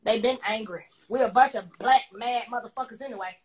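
A woman's voice: a little high, fairly quick, a little hiss or hum. A woman ranting angrily on a phone live stream, cursing constantly and repeating herself as she confronts her critics. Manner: heated, cursing, repetitive and confrontational. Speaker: social media personality on a live stream. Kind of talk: profane angry rant on a live stream.

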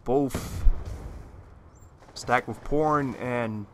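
A man's voice: mid-range voice, very slow, fairly bright tone. A man from Canada giving casual, rambling gameplay commentary, swearing often and filling his talk with "uh" and "like". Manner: swears often, many fillers, loose storytelling. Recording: game gunfire noise behind voice.

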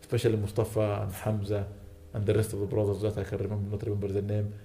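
A male sheikh delivering a lecture to a mosque gathering, talking fast and urgently. His exhortations come with fervent emphasis, and at other times he settles into quiet prayer. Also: fairly low pitch, monotone, a little hiss or hum. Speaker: sheikh giving a weekly lecture.

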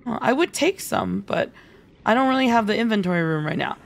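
A woman's voice: medium pitch, lively intonation, brisk, vocal fry. A young woman streaming a game live, bubbly and giggly, with playful dramatic outbursts at her chat.

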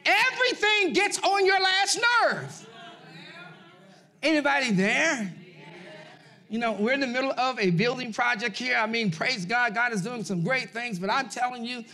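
A pastor preaches with a strikingly high, bright and forceful voice. He exhorts the congregation, calling out to them, and jumps between loud shouted peaks and quieter asides. He sounds middle-aged. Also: lively intonation, normal speed. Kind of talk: sermon.

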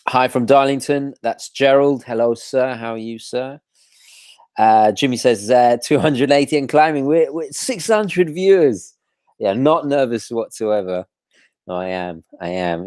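A man's voice: medium pitch, dry recording, studio quality. Chatty man hosting a live stream. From London. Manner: relaxed, friendly greetings with frequent ums and restarts. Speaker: watch channel host. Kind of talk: live stream chat, reading viewer comments.

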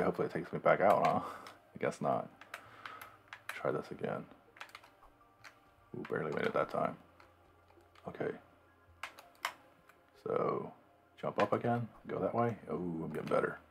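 A man's voice: low voice, gravelly, a little hiss or hum. A man casually commenting on the game he is playing, mumbling and thinking aloud to himself. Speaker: gamer playing a game on video.

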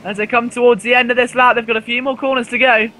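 A man commentating a live sim race, excitable and rising to near shouts at overtakes, his voice going hoarse. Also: extremely high pitch, fast, a little hiss or hum.

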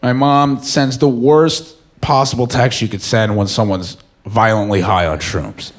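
A young man doing stand-up on stage, telling a story with lots of swearing and swinging between loud bursts and mumbles. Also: medium pitch, fairly even intonation, measured pace. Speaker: stand-up comedian. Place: comedy stage before a live audience. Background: faint audience laughter.

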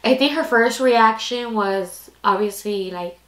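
A woman's voice: fairly high pitch, unhurried, fairly bright tone. A woman in her twenties telling a personal story casually, rambling and candid, with lots of "like" fillers. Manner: candid, rambling, heavy use of "like". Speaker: storytime vlogger. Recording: echoey room.

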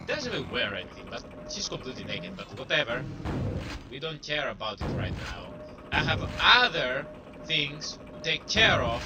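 A man's voice: mid-range voice, sing-song, normal speed. A young man casually commenting on his gameplay, rambling, putting himself down and taunting enemies. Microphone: cheap desktop microphone. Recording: distant mic with clear background noise.

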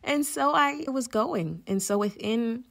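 A woman guest on a podcast, telling a personal story in an animated way, often laughing and acting out her own reactions. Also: fairly high pitch, measured pace, gravelly.

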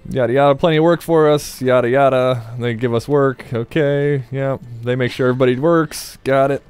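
A man's voice: mid-range voice, steady tone, fairly quick, darkish tone, smooth. A man casually commenting on his gameplay as a Let's Play host, rambling and joking with his viewers. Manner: rambling, jokey, talks to viewers.

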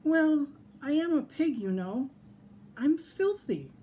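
A man voicing a small, cheeky, clever male piglet in a high squealing voice for a read-aloud storybook. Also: big pitch swings, slow, warm tone, slight background noise, full character voice. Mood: coaxing.

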